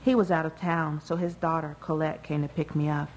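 Woman reading a novel, really low voice, measured, faint hiss behind. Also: little pitch movement, low-quality recording. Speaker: audiobook narrator. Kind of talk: first-person literary narration.

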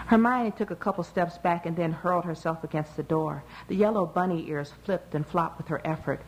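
A woman narrating a novel in a measured, expressive reading. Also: on the low side, a little hiss or hum, poor audio. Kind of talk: audiobook narration.

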